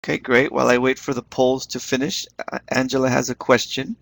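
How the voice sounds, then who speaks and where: Guy running an online class, kinda gravelly, keeps cheering folks on and repeating words. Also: mid-range voice, little pitch movement, a little fast, fairly bright tone. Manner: encouraging, repeats words while explaining. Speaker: webinar instructor. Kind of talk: online teaching webinar.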